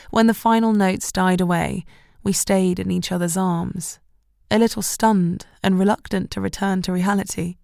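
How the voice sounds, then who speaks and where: A woman's voice: fairly low pitch, gravelly, darkish tone, dry recording, clean studio sound. A woman narrating a romantic novel in the first person as an audiobook.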